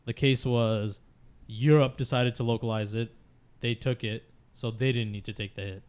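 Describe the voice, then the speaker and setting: A man's voice: mid-range voice, steady tone, moderate pace, darkish tone, smooth. A man on a gaming podcast, talking loosely and frankly in casual discussion, with lots of filler words and casual swearing.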